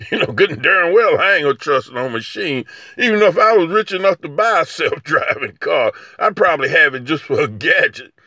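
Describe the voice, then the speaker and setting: A man's voice: on the high side, pushed and bright, no echo, clean studio sound. A man giving a casual, rambling monologue to camera, folksy and chuckling, often stammering and repeating words. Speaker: vlogger.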